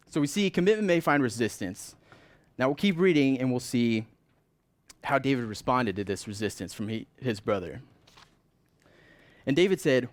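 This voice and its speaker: A man's voice: medium pitch, no echo. A man preaching a sermon in an earnest, conversational way, stressing points with rising emphasis.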